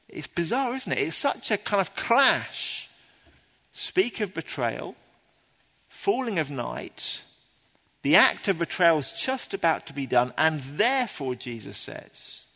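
A man's voice: a little high, big pitch swings, a little slow, pushed and bright. Earnest preacher man in a reverberant church. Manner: earnest, explanatory, with frequent ums and restarts. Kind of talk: sermon. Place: church before a congregation.

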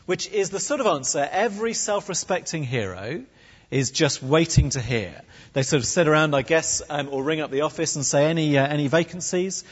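A man preaching a sermon with a wry, animated delivery and humorous asides. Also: on the high side, normal speed, husky. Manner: animated, wry, with comic put-on voices. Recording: dull recording in echoey hall.

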